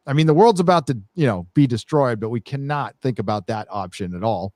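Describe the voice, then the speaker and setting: A man's voice: medium pitch, expressive, a little fast, darkish tone, dry recording. A man co-hosting a casual podcast movie review, rambling with lots of fillers and restarts. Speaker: show co-host.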